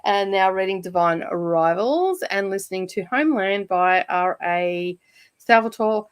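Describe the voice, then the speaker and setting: An Australian woman talks over a video call in a loose, rambling chat. She giggles often and keeps her pitch at an ordinary middle height. Her talk is full of fillers. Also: expressive, unhurried, clear, resonant tone. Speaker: streamer hosting a reading sprint. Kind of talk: casual chat.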